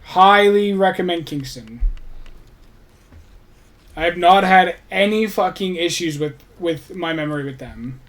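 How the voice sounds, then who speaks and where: A man's voice: sits high, unhurried, long pauses, a bit bright. A man chatting casually on his livestream, rambling, restarting sentences and swearing offhandedly.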